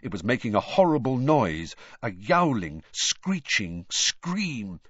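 A man narrates a storybook with a dramatic, expressive delivery and lively pitch. His voice is husky, heard close and dry on a dull recording. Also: slow, no room sound. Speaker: audiobook narrator.

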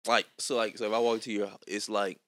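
A man's voice: lowish voice, flat delivery, fast talker, fairly bright tone, no room sound. A young man with a Louisiana accent hosting a podcast, chatting casually and joking, with lots of fillers. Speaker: podcast host. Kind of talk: casual chat.

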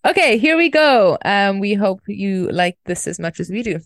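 Woman, podcast co-host, casual chat, gentle, hesitant, fillers, dry close sound. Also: mid-range voice, very animated, moderate pace, dry recording.

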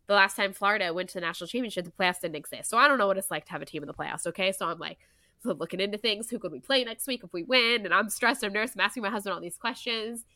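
A young woman, co-hosting a casual podcast chat, animated and full of "like" and "you know". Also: medium pitch, rapid-fire, dry recording. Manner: chatty and animated, many "like" and "you know" fillers. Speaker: podcast co-host.

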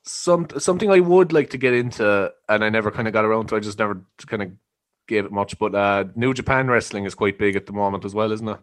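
A man's voice: lowish voice, fast talker. A young man with a Cork Irish accent hosting a podcast in casual chat. He rambles and swears, with a lot of "you know". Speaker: podcast host.

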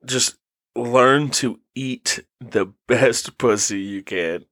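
A man's voice: mid-range voice, very slow, fairly bright tone, no room sound, clean studio sound. A young man co-hosting a casual podcast, laughing a lot and joking crudely. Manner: laughing, profane, playful. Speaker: podcast co-host.

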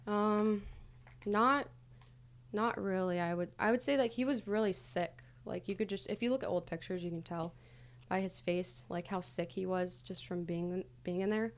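Her voice is medium in pitch and moderately paced. A young adult woman, she's a podcast guest recalling her past candidly in a casual, hesitant way with many fillers, as part of a conversational interview.

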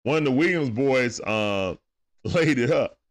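A livestream game commentator with an expressive, medium-pitched voice talks a little slowly. His casual play-by-play is loose and chatty, and he talks back to players and viewers.

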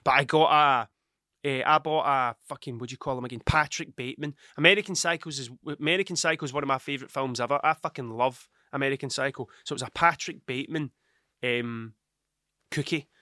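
A man's voice: medium pitch, fairly quick, bright, forceful tone, dry recording, studio quality. A man, a father, rambling through a casual solo podcast monologue, swearing often and losing his train of thought. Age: adult with children. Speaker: podcast host.

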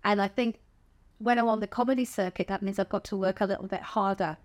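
A woman's voice: mid-range voice, steady tone, fast. A middle-aged woman with a southern English accent, a stand-up comedian talking frankly as a podcast guest, swearing casually and laughing often. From England. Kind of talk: candid conversational interview.

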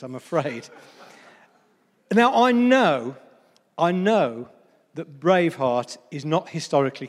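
Man, pastor, sermon, humorous, talks to the congregation, high voice, reverberant church hall. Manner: chatty, humorous, addresses the congregation.

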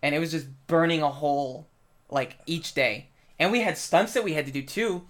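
A man with a slightly high voice chatting casually, rambling with constant filler words. He swears freely as he tells a story. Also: moderate pace, a bit bright. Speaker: film crew member. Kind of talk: casual chat.

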